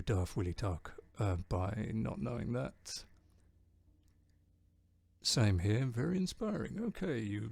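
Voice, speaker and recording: Guy streaming from his home studio, low gravelly voice, rambles and jokes with chat. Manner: rambling, jokey, reads chat aloud. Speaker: streamer and band bassist. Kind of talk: casual live-stream chat.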